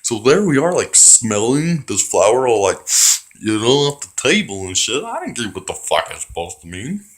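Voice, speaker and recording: Male comic storyteller: naive, profane, rambling, mid-pitched voice. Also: sing-song, normal speed. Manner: childlike, naive.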